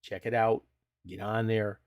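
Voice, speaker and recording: Host: middle-aged man, folksy and chatty, lowish voice. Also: little pitch movement, measured pace. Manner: chatty, folksy, calls viewers brother. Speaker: live stream host. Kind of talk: casual live stream chat.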